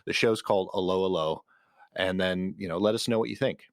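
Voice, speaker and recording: A deep male voice, recorded close and dry, chats on a podcast. He rambles with plenty of ums and uhs and recommends things with real enthusiasm. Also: a little fast, dry recording. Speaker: podcast co-host. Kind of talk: casual chat.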